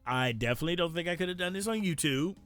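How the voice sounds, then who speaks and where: A man with a rural American country accent, chatting casually to his viewers while streaming a game, rambling with frequent pauses. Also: fairly high pitch, lively intonation, a bit bright, faint music behind. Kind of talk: casual gameplay stream commentary.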